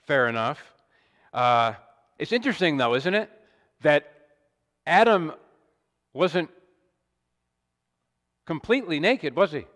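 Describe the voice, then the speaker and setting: A man preaching an expository sermon in a measured, deliberate way, with emphatic rises and small restarts. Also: fairly high pitch, lively intonation, fairly bright tone. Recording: long hall reverb.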